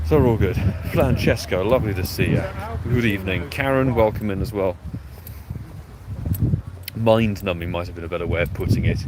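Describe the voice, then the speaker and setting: A man hosting a live stream, chatting casually, greeting viewers by name and catching his breath. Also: deep voice. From United Kingdom. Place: outdoors by a road. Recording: clear outdoor traffic noise.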